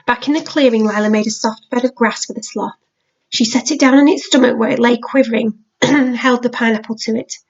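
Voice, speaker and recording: A woman reading a children's novel aloud in a measured storytelling manner. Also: a little high, fairly even intonation. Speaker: reader. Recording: dull lo-fi audiobook recording.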